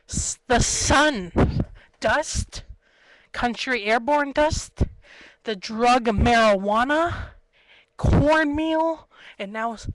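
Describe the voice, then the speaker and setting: Young woman, unhurried rambling webcam vlog, giggly, dry close sound, small room at home. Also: a little high, a bit bright, no room sound, low-quality recording. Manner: chatty, giggly, jumps between stories. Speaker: webcam vlogger. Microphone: built-in webcam mic.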